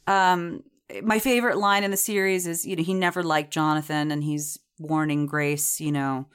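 A woman's voice: sits low, level tone, normal speed, a bit bright, clean tone. A woman co-hosting a podcast in casual chat, chatty and digressive, with many fillers and frequent laughter. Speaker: podcast co-host reviewing a TV series.

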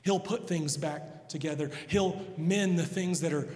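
A male pastor preaching a sermon, moving from hushed pleading to loud, emphatic passages. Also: on the high side, measured pace. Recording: long hall reverb.

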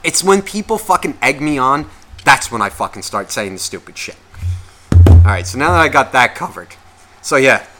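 A man co-hosting a podcast, telling stories in casual, profane, animated chat. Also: mid-range voice, moderate pace, loud music behind the voice. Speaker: podcast co-host.

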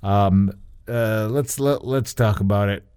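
A man co-hosting a podcast in casual chat, laughing often and breaking into quick impressions. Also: fairly low pitch, a little mellow, smooth. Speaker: podcast co-host.

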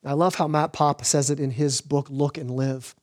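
Male pastor, higher-pitched voice, earnest sermon delivery with frequent restarts. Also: steady tone, darkish tone. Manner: earnest preaching with repeated restarts, slows for emphasis.

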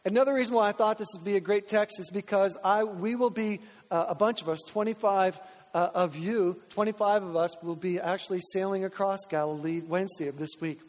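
A man's voice: high voice, fairly even intonation, brisk, darkish tone. A man, a pastor from Canada, preaching a conversational sermon with joking asides and acted-out dialogue. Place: church sanctuary. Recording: church hall reverb.

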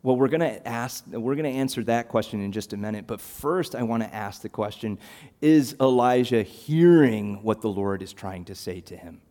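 A man preaching a sermon, animated and emphatic, throwing out rhetorical questions. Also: mid-range voice, moderate pace.

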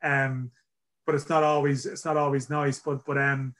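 A man's voice: medium pitch, little pitch movement, moderate pace, a bit bright, a little hiss or hum. A man from Ireland hosting a football podcast in casual chat, rambling and self-deprecating. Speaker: podcast host.

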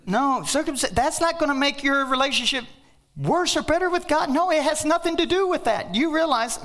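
An older man preaching a sermon as pastor, emphatic, with sudden loud outbursts and joking asides. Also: very high-pitched, lively intonation, normal speed.

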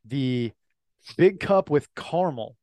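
Easygoing middle-aged man, slightly higher voice. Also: animated, a little slow, a little mellow, no room sound. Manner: easygoing, lots of agreeing murmurs. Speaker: podcast co-host. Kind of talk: casual chat.

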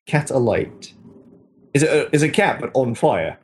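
A man co-hosting a casual podcast chat, playful and jokey, quick to laugh, talking from a small closed-up room at home. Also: mid-range voice, lively intonation, a little hiss or hum. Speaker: podcast co-host.

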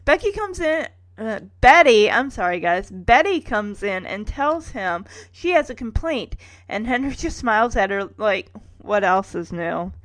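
A woman's voice: fairly high pitch, very animated, unhurried, few pauses, fairly bright tone. A woman recapping an episode in a casual, chatty way, with wry sarcastic asides.

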